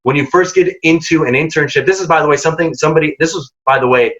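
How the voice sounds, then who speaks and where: A man's voice: fairly high pitch, fast talker, fairly bright tone. A man presenting a career workshop, giving direct, emphatic advice and acting out quoted dialogue. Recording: dull lo-fi audio.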